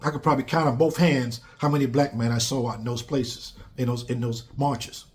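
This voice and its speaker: A man's voice: medium pitch, fairly even intonation, fairly quick, a little hiss or hum. A man giving a blunt, emphatic casual monologue on politics, repeating phrases for stress. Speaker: commentator.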